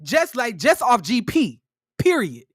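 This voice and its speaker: A man's voice: very high-pitched, huge pitch swings, a little slow, husky, no room sound, studio quality. A young man in his twenties tells a personal story in a casual, profane, fired-up way. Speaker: vlogger.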